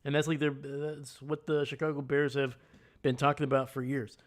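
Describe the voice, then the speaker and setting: A man's voice: medium pitch, flat delivery, normal speed. Heated man ranting live. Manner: greets chat viewers loudly. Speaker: livestream host. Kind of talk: casual live-stream rant.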